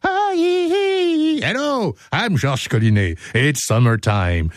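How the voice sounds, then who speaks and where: Brief: male radio host, playful and joking, animated delivery, dry studio sound. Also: mid-range voice, no echo. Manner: playful, joking, laughing at his own slips. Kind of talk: studio outtakes, reading script with ad-libs.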